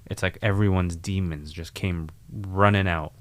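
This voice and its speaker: A man's voice: low-pitched, fairly even intonation, unhurried, a bit bright. A young adult man hosting a podcast, who talks in an earnest, reflective way. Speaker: podcast host. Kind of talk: casual podcast conversation.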